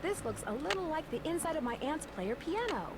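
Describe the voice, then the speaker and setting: A woman's voice: high voice, very animated, a little fast, very noisy. A woman voicing a curious young detective with an inquisitive, matter-of-fact delivery. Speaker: game protagonist. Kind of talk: game character dialogue.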